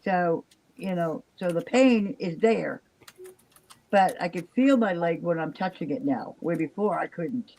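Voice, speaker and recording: A woman's voice: on the low side, expressive, measured pace, dark tone, rough recording. An older woman, worn out, chatting casually on a live stream in a rambling way. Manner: rambling, chatty, trails off with fillers. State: exhausted. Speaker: live stream chat participant. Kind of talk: casual chat.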